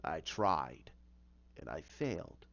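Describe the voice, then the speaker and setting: A man voicing a scheming male villain clown in a low, hushed, menacing voice. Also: sing-song, slow pace, gravelly, muffled recording, full character voice. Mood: sly menacing.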